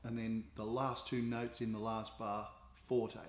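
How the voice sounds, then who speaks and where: A man's voice: fairly low pitch, flat delivery, a little slow. A middle-aged Australian man, a guitar teacher, explaining a lesson patiently with many fillers and restarts. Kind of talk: instructional explanation. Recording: roomy echo with guitar nearby.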